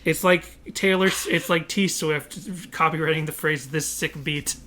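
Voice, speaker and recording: A young man co-hosting a podcast in casual chat, rambling at length, talking loudly and laughing often. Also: on the high side, fairly even intonation, unhurried, slight background noise. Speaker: podcast co-host.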